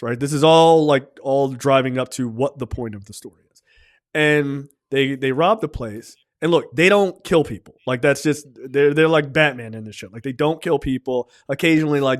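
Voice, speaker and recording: A man co-hosting a podcast, retelling a show's plot in casual, animated chat full of swearing and fillers. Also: medium pitch, normal speed. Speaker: podcast co-host.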